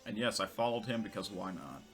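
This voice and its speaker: A man's voice: on the low side, expressive, brisk, soft background music. A man vlogging in casual commentary, rambling with many restarts and self-corrections. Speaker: vlogger reading tweets.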